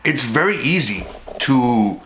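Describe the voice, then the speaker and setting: A man's voice: mid-range voice, sing-song, takes it slowly, fairly bright tone, slight background noise. A man from South Florida, a vlogger, ranting casually to camera in a rambling, profane way and often restarting his sentences. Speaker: YouTube vlogger. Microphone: camera mic. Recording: roomy echo.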